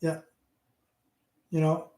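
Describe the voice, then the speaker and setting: A man's voice: very slow, dark tone, roomy sound. A man in his fifties from Hamilton, Ontario, with a Canadian accent, tipsy and rambling profanely while chatting with viewers on his livestream. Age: 50s. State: tipsy from drinking. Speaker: livestream host. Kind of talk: casual livestream chat with viewers.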